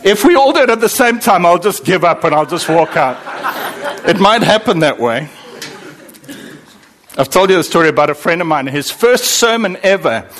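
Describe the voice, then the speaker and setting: A man preaching in a church hall with a bright, fairly high voice that swings widely up and down. He talks to the congregation in an easy, conversational way and jokes with them as he goes. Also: normal speed. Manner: conversational and animated, joking with the congregation. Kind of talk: sermon.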